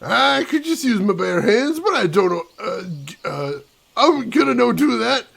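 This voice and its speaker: A man's voice: very high voice, sing-song, normal speed, creaky, a bit bright, slightly rough, voice pushed up, heavily acted. A man putting on a broad Scottish prospector. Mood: boastful. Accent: over-the-top Scottish. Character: boastful rough male prospector, would-be rich miner.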